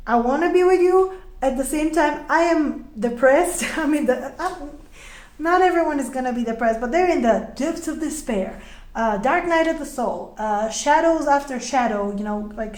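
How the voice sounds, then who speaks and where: Young woman, high voice, chatty tarot reader in an echoey room, laughs a lot. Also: a little mellow. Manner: chatty, laughs often, trails off and restarts. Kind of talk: casual tarot reading.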